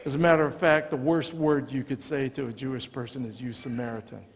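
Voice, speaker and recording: An American man, a visiting pastor, preaching a sermon with animated storytelling, acting out the dialogue of the people in his stories. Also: medium pitch, brisk. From United States. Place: church sanctuary. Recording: long church reverb.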